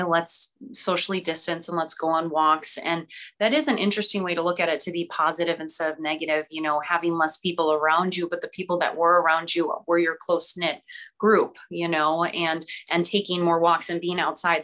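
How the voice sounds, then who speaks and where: A woman's voice: lowish voice, fairly bright tone. A woman taking part in a support group discussion over a video call, reflective and affirming of others. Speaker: group participant.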